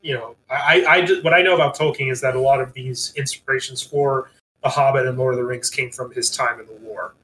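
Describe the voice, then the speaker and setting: Co-host, male, bright tone, hesitant, faint background hiss. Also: mid-range voice, fairly even intonation, brisk, low-quality recording. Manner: hesitant, full of restarts and fillers. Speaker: podcast co-host. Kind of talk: casual chat.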